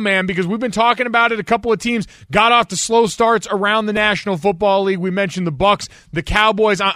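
A young man hosting a sports radio talk show, giving quick, emphatic takes on games. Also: high-pitched, sharp tone, no echo, studio quality.

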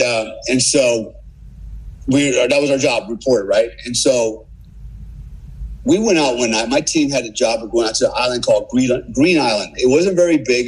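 A husky-voiced man in his sixties tells old war stories in a loose podcast chat. He swears freely and acts out the scenes as he goes, with a middle-pitched voice. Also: low-quality recording. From United States. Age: 60s. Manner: profane, animated war-story teller. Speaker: podcast guest, military veteran. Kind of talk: casual storytelling.

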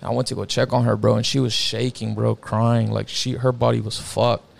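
A young guest tells a personal story in casual chat, his everyday mid-level pitch heavily gravelly with deep vocal fry. He talks a little fast in a level tone, using lots of slang and swearing, constantly dropping "bro" and "like."

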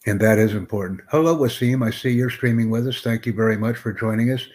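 A man hosting a live-streamed English interview lesson, who speaks slowly and deliberately and sternly corrects a student. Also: mid-range voice, darkish tone.

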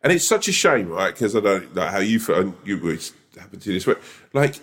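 A stand-up comedian co-hosting a podcast, telling an animated story full of "like" fillers. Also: male voice, lowish voice, brisk. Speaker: podcast co-host. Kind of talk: casual chat.

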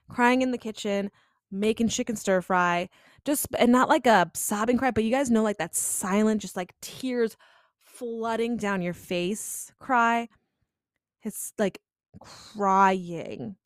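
A woman's voice: medium pitch, no room sound. Young woman podcast host telling a story, chatty and confessional, lots of "like," dry close mic. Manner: chatty, confessional, many "like" and "you know" fillers. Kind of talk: personal storytelling.

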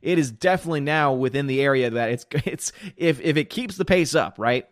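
A man's voice: mid-range voice, a little fast, no echo, clean studio sound. A man hosting a casual live stream, greeting viewers by name and giving blunt, opinionated commentary. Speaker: livestream host reading chat.

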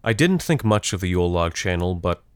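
A man's voice: sits low, very animated, fairly quick, clean tone, dry recording, studio quality. A man reading a scripted first-person horror story in a reflective, nostalgic way. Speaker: narrator.

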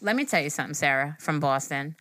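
Lively, bright young woman co-host. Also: deep voice, quick pace, no room sound. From Long Island, New York. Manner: animated, laughing, chatty. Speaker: podcast co-host. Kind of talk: casual chat.

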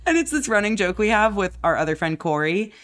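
A woman's voice: mid-range voice, moderate pace. A young woman co-hosting a podcast, chatting casually and teasing her co-host with running jokes. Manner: teasing, joking, animated storyteller. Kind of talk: casual chat.

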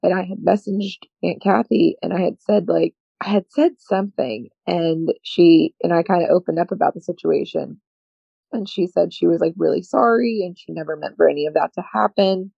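Gravelly, husky young woman, rambling. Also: lowish voice, normal speed, mellow, dry recording. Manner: rambling, heavy use of "like". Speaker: podcast co-host. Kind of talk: candid personal podcast chat. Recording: dull, dry lo-fi sound.

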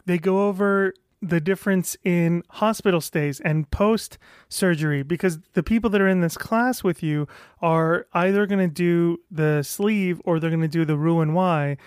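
A man's voice: on the high side, clear, resonant tone, no room sound, clean studio sound. A man casually describing his own experience, rambling with frequent restarts and frank, sometimes profane language. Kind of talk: casual talk to camera.

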